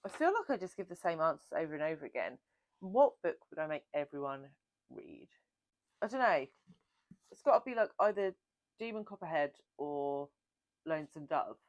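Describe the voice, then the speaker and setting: A woman's voice: sits low, sing-song, normal speed, long pauses, dry recording, muffled recording. A woman hosting a book channel, chatting casually and self-mockingly through a Q&A. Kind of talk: casual Q&A chat.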